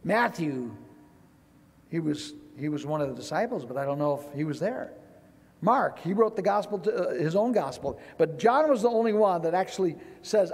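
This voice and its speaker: A man's voice: fairly high pitch, moderate pace, darkish tone. A male pastor preaching a sermon with emotion, acting out quoted voices as he goes. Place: church sanctuary. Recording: church hall reverb.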